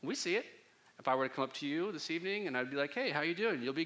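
A man's voice: fairly high pitch, lively intonation, very fast, a bit bright. A young adult man preaching a sermon in a casual, joking, conversational way. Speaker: pastor.

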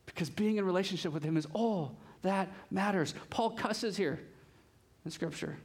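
A young man preaching a sermon in a lively, conversational way, with casual asides. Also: sits high, normal speed, breathy edge. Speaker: pastor.

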